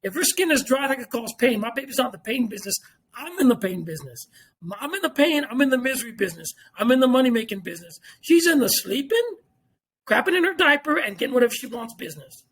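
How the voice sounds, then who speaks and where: Middle-aged male podcast guest, very high voice, rapid-fire blunt delivery full of cursing and repetition. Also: big pitch swings, a bit bright, slightly rough. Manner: blunt and profane, repeats points for emphasis. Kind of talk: casual podcast talk.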